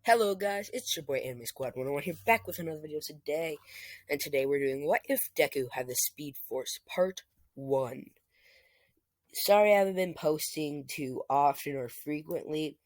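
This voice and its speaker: A man's voice: on the high side, moderate pace, no room sound. A man casually narrating a fan-made story as a channel host, in a loose, stop-start way. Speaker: YouTube storyteller.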